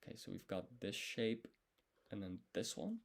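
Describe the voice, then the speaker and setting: A man with a somewhat low voice talks through his study session on a live stream. He thinks aloud, pauses, second-guesses his answers and redoes them, all in a relaxed, casual manner. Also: gravelly, heavy background noise.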